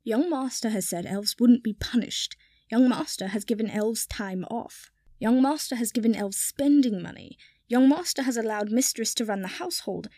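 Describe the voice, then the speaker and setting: A woman's voice: fairly high pitch, moderate pace, warm tone, dry recording, studio quality. A woman voicing a dour old male house-elf servant who speaks primly and formally about himself in the third person. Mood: fretful.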